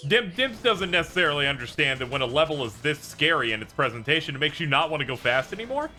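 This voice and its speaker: A man's voice: fairly high pitch, sing-song, fast, pushed and bright. A man playing a game and bluntly commenting on it to friends, swearing often. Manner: blunt, swears, narrates his play. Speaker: player on stream. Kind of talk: casual gaming chat. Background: faint game music.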